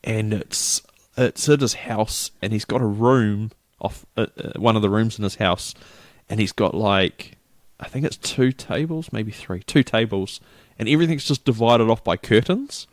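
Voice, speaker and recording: A man's voice: fairly low pitch, a little slow, no echo, clean studio sound. A middle-aged New Zealand man chatting casually as a podcast co-host, rambling through a story and acting out the people in it. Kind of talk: casual chat.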